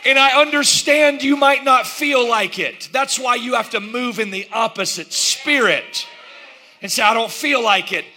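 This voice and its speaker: A middle-aged man, a pastor, delivering an animated sermon, laughing and joking with his congregation. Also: extremely high pitch, a little slow, a little hiss or hum.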